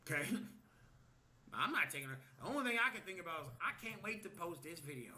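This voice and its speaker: A man's voice: a little high, very animated, fairly quick, sharp tone. A man telling a story on a livestream in a casual way, swearing, acting out what people said, and ending lines with "okay?". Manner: tags lines with "okay?", swears, acts out quotes.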